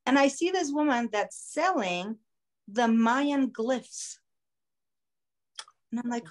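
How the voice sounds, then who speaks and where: A woman podcast host telling a story in a casual, animated way, acting out the voices of the people in it. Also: a little high, takes it slowly, pauses often. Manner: animated, acts out quoted voices. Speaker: singer.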